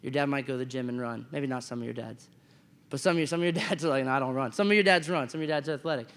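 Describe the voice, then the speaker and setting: A man preaching a chapel sermon to students, telling a story with animated acted-out quotes and often asking the room "right?". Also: medium pitch, rapid-fire, in a large hall. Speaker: chapel speaker. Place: school chapel.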